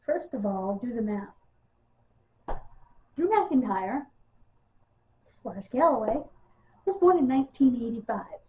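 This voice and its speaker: A woman's voice: fairly high pitch, sing-song, unhurried, pauses often. A woman giving a casual, exasperated wrestling news rant, sarcastic and full of ums. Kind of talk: casual ranting monologue. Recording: tinny phone-like audio.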